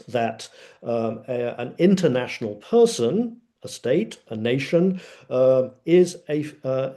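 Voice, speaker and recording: Male panelist, mellow tone, emphatic lecturing with frequent hesitations. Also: mid-range voice. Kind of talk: academic webinar talk.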